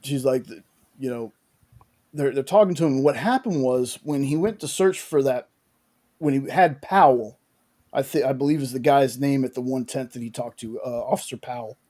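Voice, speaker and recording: A man's voice: medium pitch, normal speed, warm tone. A man casually recapping a TV episode in a rambling way, with many restarts and fillers. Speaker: podcast host recapping a show.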